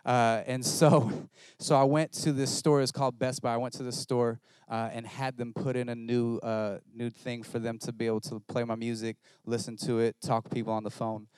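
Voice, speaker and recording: A male pastor preaching a sermon, telling a story in an animated, self-mocking way. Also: medium pitch, moderate pace, hardly any pauses, clear, resonant tone, no room sound.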